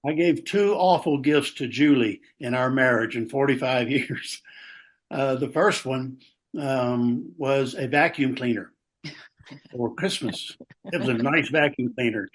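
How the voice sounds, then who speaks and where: A man's voice: medium pitch, unhurried. An older man in his sixties, a pastor from Texas, telling stories in a casual, folksy way and acting out what others said. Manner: folksy, acts out quotes with raised voice. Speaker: pastor, podcast guest. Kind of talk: casual chat, storytelling.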